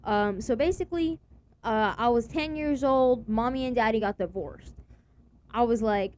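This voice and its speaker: A woman's voice: fairly high pitch, measured pace, a little mellow. A young woman vlogging in a blunt, rambling rant full of slang and swearing. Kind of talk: casual profane rant to camera.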